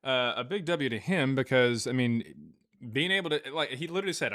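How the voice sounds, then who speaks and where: A man hosts a casual live stream, chatting loosely with plenty of fillers and restarts. His voice swings widely in pitch as he jokes through viewer messages. The sound is dry and close, with no room echo. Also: lively intonation, a little fast, fairly bright tone. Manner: rambling, jokey, many fillers and restarts. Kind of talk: casual live-stream chat reading super chats.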